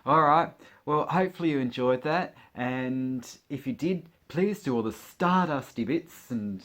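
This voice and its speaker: A man talks to his camera in a loose, casual way, with his voice sitting at an ordinary middle pitch. He laughs often and drops playful little jokes as he talks. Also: measured pace, a bit bright. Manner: chatty, giggly, joking asides while leafing through a magazine. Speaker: vlogger. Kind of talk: casual chat.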